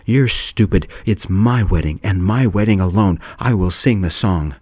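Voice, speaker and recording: Storybook: man voicing a bratty drunk bride, raised whiny pitch, petulant yelling. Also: moderate pace, husky, no room sound. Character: spoiled drunk young bride, whiny, shrill.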